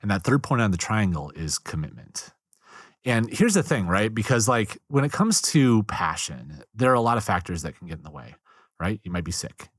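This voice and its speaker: A man's voice: fairly low pitch, moderate pace, no room sound, clean studio sound. A man speaking as a guest on a podcast about marriage, telling stories with energy and acting out the quotes. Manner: animated storyteller, acts out quotes. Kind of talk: podcast conversation.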